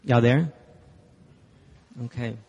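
A man's voice: mid-range voice, slow, gravelly, darkish tone, husky. A man from Texas, preaching a sermon as guest speaker, chatty and emphatic with the congregation. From Dallas, Texas. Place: church hall. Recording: long hall reverb.

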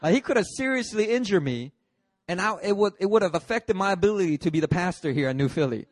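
A man, a pastor, preaching a sermon through a lively personal story, acting out the scenes. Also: high voice, quick pace, dry recording. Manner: lively, acts out scenes with shifting voices.

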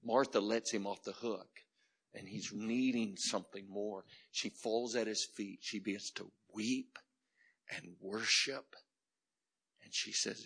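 A man preaching a sermon as pastor, building from quiet reflection to shouted climaxes in a rhythmic, repetitive cadence. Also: fairly low pitch, steady tone, slow pace, husky.

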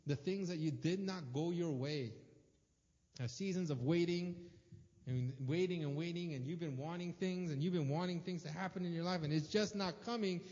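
A male preacher delivers an emphatic sermon with a slightly high voice. He repeats phrases for effect and rises and falls in volume. His voice carries a long hall reverb and comes through a dull, muffled recording. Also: moderate pace. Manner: emphatic, repetitive, swings between soft and loud.

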